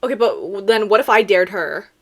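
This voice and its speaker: A young woman giving sarcastic, animated comedic commentary on videos, with laughing asides. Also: mid-range voice, fairly quick. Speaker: reaction video creator.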